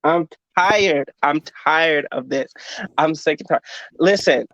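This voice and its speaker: A man co-hosting a podcast, reviewing an episode in an animated, indignant rant. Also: a little high, a little slow, vocal fry, no room sound. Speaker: podcast co-host. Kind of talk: casual review chat. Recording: dry, dull lo-fi sound.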